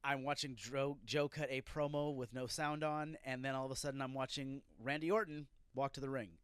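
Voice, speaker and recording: A man's voice: medium pitch, fairly even intonation, brisk, smooth, no room sound, studio quality. A man hosting a solo wrestling review podcast, ranting and swearing as he reacts to a show. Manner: profane, ranting, irritated outbursts. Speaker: podcast host.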